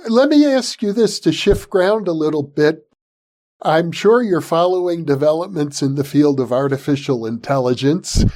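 A man hosting an interview, setting up his questions at length in a measured way. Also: a little high, expressive, warm tone. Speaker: interview host.

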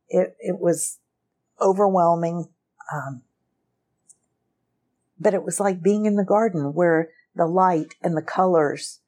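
A woman recounting a personal experience as an interview guest, unhurried and often breaking into a laugh. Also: fairly low pitch, mellow.

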